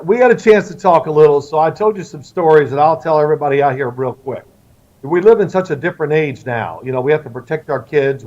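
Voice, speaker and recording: A middle-aged man from Louisville, Kentucky, appears as an interview guest, telling lively family stories and acting out what the people in them said. His voice is fairly high, and the recording sounds slightly distant, dull and lo-fi.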